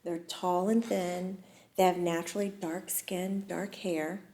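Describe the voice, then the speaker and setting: A woman hosting a talk show, telling personal stories in a casual, lively way, often laughing and pausing with fillers. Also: on the low side. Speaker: host and medium. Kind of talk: casual storytelling chat.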